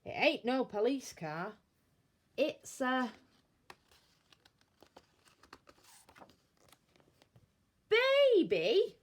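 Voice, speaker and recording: A rough-spoken but kindly male burglar from a storybook, as a woman reading aloud puts him on. He talks in slang and exclaims often, pitched above the reader's own voice, with a lively, swooping delivery at an unhurried pace. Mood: astonished.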